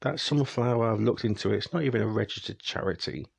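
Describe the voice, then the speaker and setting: A young man vents to his audience in an exasperated, ranting tone. His voice sits low with a gravelly fry, and it is recorded close and dry with no room sound. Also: fast talker, no echo. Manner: exasperated, ranting, speeds up when annoyed. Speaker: vlogger. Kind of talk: casual ranting monologue.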